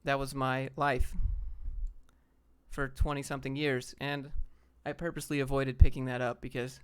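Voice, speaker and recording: A man's voice: mid-range voice, flat delivery, moderate pace, clear, resonant tone. Blunt, offhand young man streaming. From Atlanta, Georgia, US. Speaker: streamer answering chat questions. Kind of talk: casual livestream Q&A.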